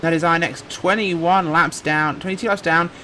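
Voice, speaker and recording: A man's voice: on the high side, steady tone, normal speed, sharp tone, a little hiss or hum. A man doing live sim racing commentary with dry joking banter, on a headset mic. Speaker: race commentator.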